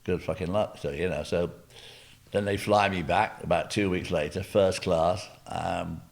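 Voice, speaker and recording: A man's voice: low-pitched, steady tone, a little slow, creaky. An older man with an English accent, telling humorous racing stories as an interview guest, rambling with asides. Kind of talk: anecdotal storytelling.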